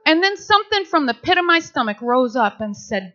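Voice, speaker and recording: A woman's voice: high-pitched, fast, hardly any pauses, lo-fi sound. A woman preaching a sermon, telling stories animatedly and acting out quotes. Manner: animated storytelling with acted quotes.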